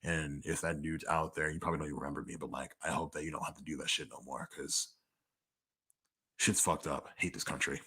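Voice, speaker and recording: A husky, sharp-toned and extremely low voice that barely moves in pitch belongs to a young man speaking briskly. Answering his podcast audience's personal questions, he stays loose and conversational, cursing openly and leaning on "like."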